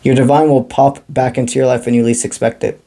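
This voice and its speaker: A man delivers a spiritual tarot reading, calm and encouraging in a mystical way. His voice is mellow and warm, at an ordinary male pitch. He drops in casual slang between the spiritual advice. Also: quick pace, creaky. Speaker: tarot reader.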